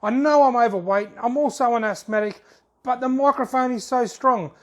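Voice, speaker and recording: A man's voice: very high voice, moderate pace, a bit bright. An Australian man hosting a fishing video channel, casually reading out viewer comments in a jokey, laid-back way and chuckling often.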